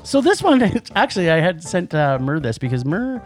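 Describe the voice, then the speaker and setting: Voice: mid-range voice, sing-song, moderate pace, faint music behind. A podcast co-host reviewing movies in casual chat, enthusiastic and rambling, often restarting sentences.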